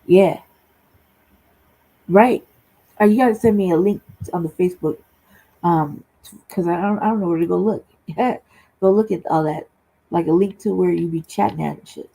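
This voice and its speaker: Husky, gravelly low-voiced woman, blunt. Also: moderate pace, pauses often, dark tone, low-quality recording. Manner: blunt and profane, tags lines with "right?". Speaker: panelist on a livestream talk show. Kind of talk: casual heated talk. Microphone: remote streaming call.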